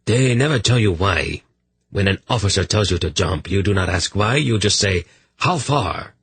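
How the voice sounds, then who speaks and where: A man's voice: sits low, lively intonation, moderate pace, fairly bright tone, husky, no room sound, pitched above the performer's own voice, full character voice. Man reading a jumpy rank-and-file soldier, wry and careful. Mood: wary. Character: nervous weary male soldier companion.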